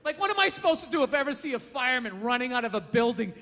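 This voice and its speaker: A man doing a stand-up comedy set, ranting and mocking loudly, with profane punchlines. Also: extremely high pitch, big pitch swings, racing, in a large hall. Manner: ranting, mocking, loud and profane with acted quotes. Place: comedy stage before an audience.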